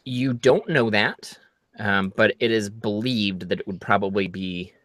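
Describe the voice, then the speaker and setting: A man narrating as game master for a tabletop game, laying out options in a slow, halting way with many fillers. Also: lowish voice, a bit bright, no room sound, studio quality.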